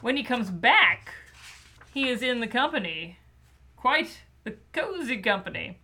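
A woman's voice: on the high side, animated, a little slow, sharp tone. A woman hosting a podcast, chatting playfully and casually about children's books. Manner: chatty and playful, with many fillers. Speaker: podcast host.

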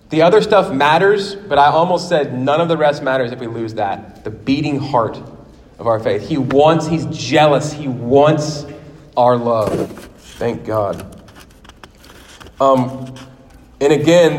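A man in his forties preaching a sermon in a church, telling stories in a lively way and acting out quotes. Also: a little high. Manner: animated storytelling with acted quotes. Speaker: pastor. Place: church sanctuary. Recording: long hall reverb.

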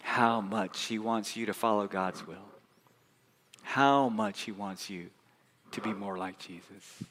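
A man preaching a sermon as pastor, swinging from loud emphatic bursts to soft hushed passages. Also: lowish voice, takes it slowly, in a large hall, a little hiss or hum. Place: church sanctuary.

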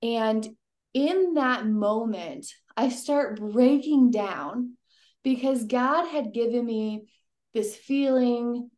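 A woman's voice: on the high side, slow, a little mellow. A young adult woman giving a personal faith testimony in an earnest, emotional way, often restarting her sentences. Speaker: guest.

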